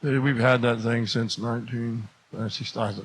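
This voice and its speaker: A man telling a comic story to an audience, acting out every exchange and rising to shouts as it builds. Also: mid-range voice, moderate pace, slight background noise, rough recording. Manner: animated, acts out the dialogue, voice rising to shouts at the climax.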